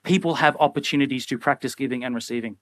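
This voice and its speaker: A young man preaching a sermon in a casual, animated way, often acting out little everyday scenes. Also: medium pitch, fast talker, a little hiss or hum. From Australia. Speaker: pastor.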